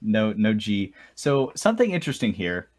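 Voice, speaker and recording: A man's voice: lowish voice, huge pitch swings, normal speed. A young man co-hosting a casual podcast, chatting and reading aloud while breaking into laughter. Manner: reads aloud with bursts of laughter. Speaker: podcast co-host.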